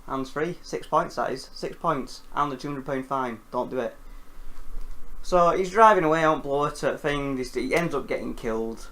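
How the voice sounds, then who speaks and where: A man hosting a casual film recap, animated and jokey, with casual swearing. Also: medium pitch, normal speed. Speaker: film reviewer host.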